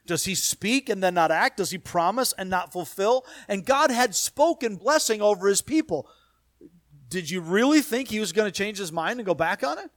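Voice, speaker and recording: A man's voice: sits high, lively intonation, normal speed, dry recording. Man, pastor, sermon, emphatic, repetitive rhythm, dry close sound. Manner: emphatic preaching in rising repeated phrases, dropping to quiet asides.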